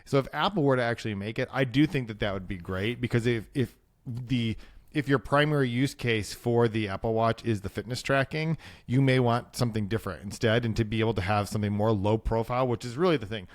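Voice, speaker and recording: A man's voice: mid-range voice, a little fast, no echo. A man co-hosting a tech podcast, thinking aloud in casual chat with frequent restarts. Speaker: podcast co-host.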